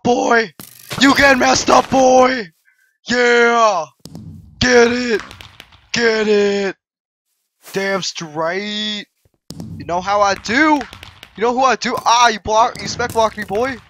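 A young woman hosting a gaming video, giving live gameplay commentary full of playful trash-talk, sudden yelps and shouts. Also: medium pitch, a little hiss or hum.

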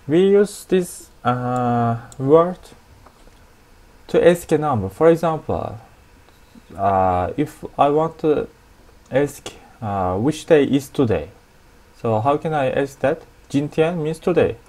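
Slow, deliberate man with a Turkish accent. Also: mid-range voice, darkish tone. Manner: slow, deliberate, repeats each new word. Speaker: language teacher. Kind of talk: explaining a language lesson at a whiteboard.

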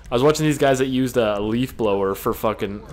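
A man's voice: mid-range voice, fairly quick, darkish tone. A young man hosting a gaming video with crude, joking, rambling commentary.

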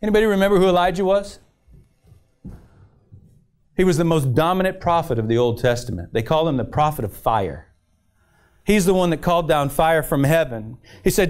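A man's voice: sits high, expressive, normal speed, darkish tone. A male pastor preaching a sermon to a church congregation, calling out for "amen" and retelling scripture as a story with frequent restarts. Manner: call-and-response preaching, keeps asking the congregation "amen?". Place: church service.

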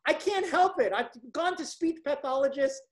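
A woman with a Brooklyn accent giving an emphatic, hyped-up seminar sales pitch as a coach. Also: animated, normal speed.

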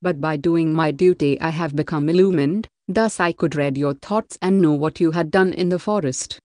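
A woman reading the part of a humble, wise housewife with steady, plain delivery in an audiobook. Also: sits low, moderate pace, no room sound, clean studio sound, natural voice. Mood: explaining.

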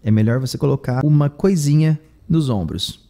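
Mellow Brazilian man translating a lesson. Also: mid-range voice, animated, brisk. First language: Brazilian Portuguese. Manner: translates line by line, tags phrases with "tá?". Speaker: English teacher and host. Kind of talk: bilingual lesson, translating into Portuguese.

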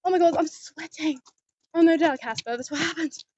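A teenage girl vlogging outdoors at home, chatting in a rambling, giggly, excitable way into a handheld phone. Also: high-pitched, brisk, a little hiss or hum. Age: teens. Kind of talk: casual chatty vlog. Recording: dull, muffled phone audio.

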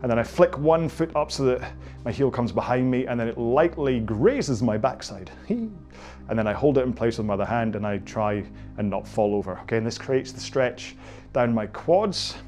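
A man's voice: medium pitch, lively intonation, moderate pace, a little mellow, faint music behind. Chatty Scottish man coaching stretches. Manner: chatty, joking and self-mocking. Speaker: indoor rowing coach. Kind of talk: guided stretching class, casual chat.

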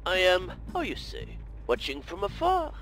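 A man's voice: fairly high pitch, wildly swooping pitch, normal speed, fairly bright tone, soft background music. An actor playing a pompous, scheming male rival driver who talks in a theatrical fake French accent. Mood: smug. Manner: theatrical, showy villain talk.

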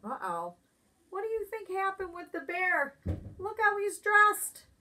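A preschool teacher reading a picture book aloud, pausing to ask the children questions. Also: female voice, very high voice. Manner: expressive, asks children questions. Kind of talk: storybook read-aloud for preschoolers.

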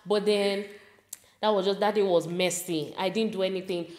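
A young Nigerian woman with a Nigerian accent, telling a school story in an animated, casual way and slipping into pidgin. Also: medium pitch, normal speed, roomy sound. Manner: animated, mixes in pidgin, laughs while telling. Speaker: vlogger.

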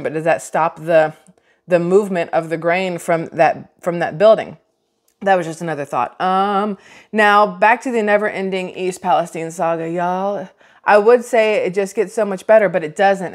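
Chatty, sarcastic woman. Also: fairly low pitch. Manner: sarcastic, chatty, rambling with many restarts. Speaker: vlogger. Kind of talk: casual commentary vlog.

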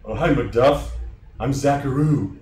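A man's voice: medium pitch, measured pace, a little mellow, a little hiss or hum, lightly acted. A man doing a chirpy, eager young coworker. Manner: eager, chatty. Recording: roomy, distant mic.

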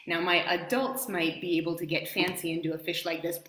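A woman from New York State telling a counting rhyme story to children, gentle and playful, with a slow sing-song delivery. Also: lowish voice. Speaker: storyteller and dance educator. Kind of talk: children's story time with movement. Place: home in Italy, echoey room. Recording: echoey room.

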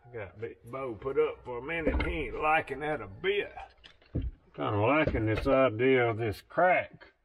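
A man's voice: mid-range voice, expressive, moderate pace, narrow, tinny audio, a little hiss or hum. A man with a Southern US accent talking casually to viewers while building something, folksy and chatty, a bit out of breath. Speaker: vlogger. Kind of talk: casual DIY vlog talk.

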